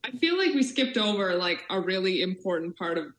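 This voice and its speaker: A woman's voice: fairly low pitch, very animated, brisk, reverberant, low-quality recording. A woman co-hosting a podcast, chatting casually with lots of "like" fillers. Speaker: podcast co-host. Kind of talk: casual interview chat.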